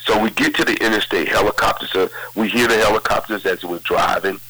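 A man's voice: fairly low pitch, a little fast, pushed and bright, husky, dry recording, low-quality recording. A man telling a story as an interview guest, vividly retelling events with lots of quoted dialogue. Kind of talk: conversational storytelling.

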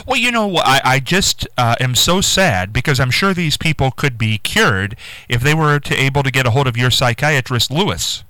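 Man, radio host: bright, lively voice, dry studio, laughs and prompts the guest. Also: mid-range voice, moderate pace, no room sound, low-quality recording. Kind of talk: casual interview chat.

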